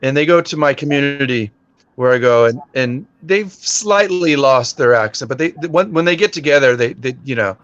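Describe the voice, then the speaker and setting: A man's voice: mid-range voice, expressive, moderate pace, a bit bright, dry recording. A man with a Texan accent chatting easily in a casual talk, with hesitant phrasing. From Texas, United States. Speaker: co-host. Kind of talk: casual chat. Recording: dry, dull lo-fi audio.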